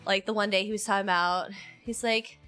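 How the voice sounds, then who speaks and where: A young adult woman chatting casually on a stream, telling animated stories and laughing often. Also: medium pitch, a little fast, clean tone, soft background music. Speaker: streamer co-host. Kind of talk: casual chat.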